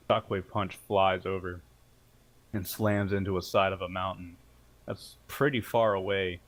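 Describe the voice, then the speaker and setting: Low-voiced male game master. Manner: casual, storytelling, joking. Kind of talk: narrating a tabletop game.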